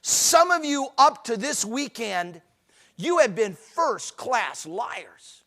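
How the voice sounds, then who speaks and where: A man's voice: extremely high pitch, very animated, takes it slowly, fairly bright tone. A man giving a humorous, emphatic talk at a marriage conference, mixing preachy urging with jokes. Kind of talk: humorous live seminar talk.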